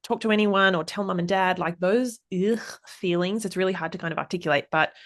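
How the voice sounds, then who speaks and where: A woman's voice: fairly low pitch, fairly quick. A woman hosting a podcast conversation, enthusiastic and appreciative, with frequent "um"s. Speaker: podcast host.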